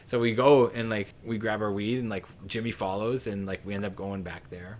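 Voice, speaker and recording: Appearing as a guest on a podcast, a southern Ontario musician in his late thirties spins a lengthy, rambling yarn peppered with swearing, filler words and laughter. His lowish, darkish voice keeps a steady tone and a brisk pace over slight hiss or hum.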